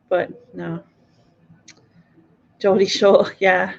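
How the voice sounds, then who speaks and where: A woman with a broad Mackem accent from North East England, hosting a live quiz stream. She chats in an easy, unhurried way, answering viewer comments and laughing often, at a mid pitch. The stream audio is a little dull and lo-fi. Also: little pitch movement, vocal fry, a little mellow. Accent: Mackem, North East English. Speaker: livestream quiz host. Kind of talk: casual chat, reading viewer comments.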